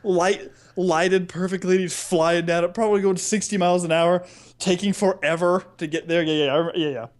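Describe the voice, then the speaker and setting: A man co-hosting a podcast in casual movie-review chat, excitable and laughing often. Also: high voice, moderate pace. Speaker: podcast co-host.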